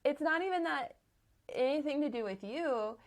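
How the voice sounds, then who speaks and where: A woman's voice: high voice, expressive, moderate pace. A woman co-hosting a casual book podcast, enthusiastic and rambling, with lots of fillers. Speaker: podcast co-host. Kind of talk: casual chat.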